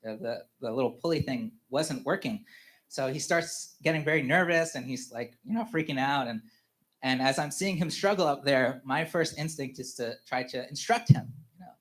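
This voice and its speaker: A man in his thirties giving a personal testimony at a church family service, speaking haltingly with many fillers and restarts and chuckling often. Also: mid-range voice. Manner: halting, full of "you know" fillers and restarts; chuckles often while telling stories.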